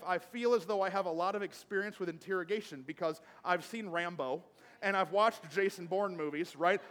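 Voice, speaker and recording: A man's voice: high-pitched, fairly bright tone. Guy preaching a sermon from the pulpit, keeps repeating lines hard and calling out to the church, big echoey hall. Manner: emphatic, repetitive preaching with audience call-outs. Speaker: pastor. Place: church sanctuary, speaking from the pulpit. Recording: long reverb of a church hall.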